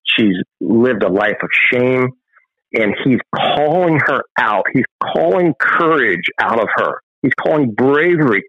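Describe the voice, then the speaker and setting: A man's voice: medium pitch, animated, unhurried, a bit bright, soft background music, low-quality recording. A man, a guest filmmaker and ministry founder, telling a scripture story in an impassioned preaching style and acting out its voices.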